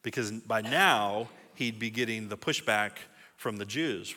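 A man's voice: on the low side, moderate pace, bright, forceful tone. A male pastor teaching a sermon in a conversational way, building to emphatic rhetorical questions. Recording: long hall reverb.

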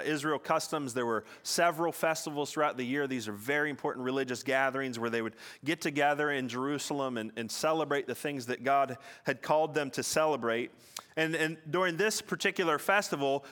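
Male pastor, slightly raised pitch, earnest sermon delivery with slow, stressed key lines. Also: a bit bright. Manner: earnest, repeats words, slows for emphasis.

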